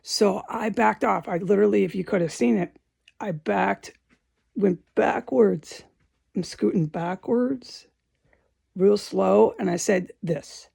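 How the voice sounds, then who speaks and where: Speaking slowly in a warm, husky, gravelly mid-range voice, this woman recounts a scary confrontation she lived through. The vlogger's testimony is emotional and repetitive, with cursing and reenacted quotes.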